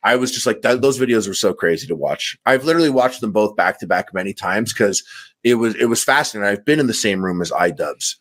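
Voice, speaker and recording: A man's voice: lowish voice, expressive, fast talker. A man co-hosting a podcast in casual chat, rambling and filling his talk with "like". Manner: rambling, heavy use of "like" fillers. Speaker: podcast co-host.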